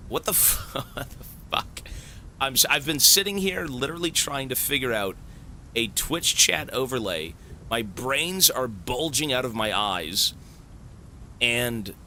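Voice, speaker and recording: A man talking to his stream viewers in a bright, forceful, animated voice. He is excitable and swears freely, breaking into surprised shouts. A faint rumble sits under the home desk recording. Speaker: Twitch streamer. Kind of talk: live stream chat with viewers.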